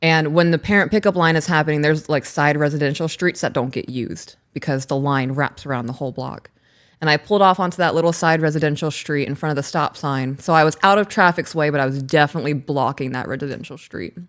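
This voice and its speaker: A woman in her thirties, co-hosting a casual chat and telling a story in an animated way, laughing as she talks. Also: low voice, fast. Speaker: podcast co-host.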